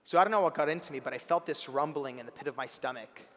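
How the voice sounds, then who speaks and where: Animated young man telling a story on stage. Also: a little high, fast talker. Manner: animated, acts out the people in his story, bursts of shouting. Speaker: keynote speaker. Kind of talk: storytelling keynote speech. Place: large convention center hall. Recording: long hall reverb from a PA.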